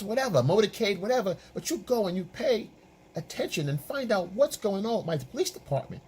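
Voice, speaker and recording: A dating and relationship coach with a high voice gives emphatic, repetitive, lecturing opinion commentary, with slight background noise.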